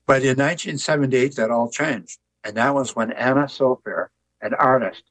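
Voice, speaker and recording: An older man, an author and artist, telling stories in a relaxed, folksy interview. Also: mid-range voice, moderate pace, no echo, rough recording. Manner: folksy, tells jokes with put-on voices.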